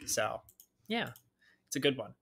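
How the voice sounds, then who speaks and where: A man's voice: mid-range voice, big pitch swings, measured pace, vocal fry, fairly bright tone, husky. A man hosting a casual podcast chat, teasing his guests and laughing often. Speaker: podcast host.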